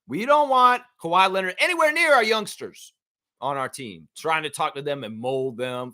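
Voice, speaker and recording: A man hosting a live basketball fan stream. He rants in a profane, animated way. His pitch swoops widely and sits a bit high. He delivers casual commentary throughout. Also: moderate pace, no room sound, studio quality. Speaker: sports stream host.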